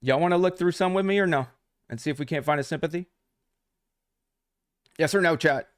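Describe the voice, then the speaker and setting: A man's voice: on the high side, fairly quick, smooth, no echo. Profane casual male trading coach, dry sound. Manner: casual, profane, talks straight to chat. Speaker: trading coach streaming live. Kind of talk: unscripted live stream teaching.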